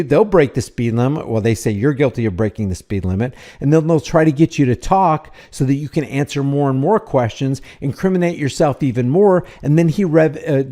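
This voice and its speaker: A middle-aged man with a mellow, dark voice talks over video clips. His commentary is blunt and emphatic, and he hammers each point home by repeating it. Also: mid-range voice. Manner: blunt, emphatic, repetitive phrasing. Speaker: commentator reacting to police footage.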